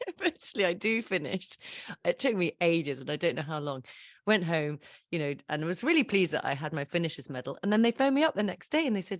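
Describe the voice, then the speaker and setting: A woman in her fifties, a podcast guest telling stories in a casual interview, animated and laughing often at her own mishaps. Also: medium pitch, brisk, no echo, studio quality. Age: 50s.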